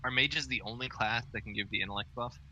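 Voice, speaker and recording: A man's voice: mid-range voice, quick pace, pushed and bright, highs cut off. A man making playful, wry remarks in casual gaming voice chat over a voice chat mic. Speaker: raid guild member. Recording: noisy voice chat microphone.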